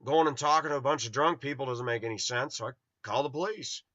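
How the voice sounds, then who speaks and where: A man's voice: mid-range voice, quick pace, pushed and bright, no room sound. Man, middle-aged, from Los Angeles, blunt rambling storyteller, dull lo-fi dry recording. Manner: rambling, blunt, acts out quoted voices. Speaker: vlogger. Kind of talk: personal storytelling monologue.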